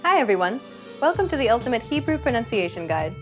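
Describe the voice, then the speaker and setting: A woman's voice: a little high, sing-song, fast, loud music behind the voice. Woman, lesson host; scripted narration, friendly, asks questions to engage learners.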